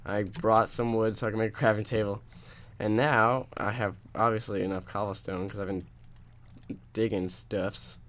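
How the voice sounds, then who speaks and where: A man's voice: lowish voice, flat delivery, moderate pace, a bit bright. A young man with a sarcastic, rambling manner, casually chatting while commenting on his own gameplay. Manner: rambling, ranting, sarcastic, with restarts. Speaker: let's play host.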